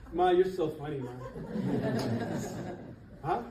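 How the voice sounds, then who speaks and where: A middle-aged man, a real estate coach, giving an animated motivational seminar talk to an audience in a church hall. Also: fairly high pitch, moderate pace, pauses often, noisy background. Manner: emphatic, animated, laughs between points. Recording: echoey hall, voice from far off.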